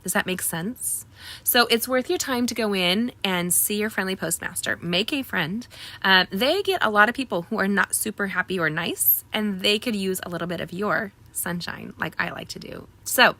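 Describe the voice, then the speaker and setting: A woman hosting a casual card making tutorial, chatty and rambling with lots of ums, pitching offers to viewers. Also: moderate pace, bright, forceful tone. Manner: upbeat sales pitch to viewers. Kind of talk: casual live craft tutorial.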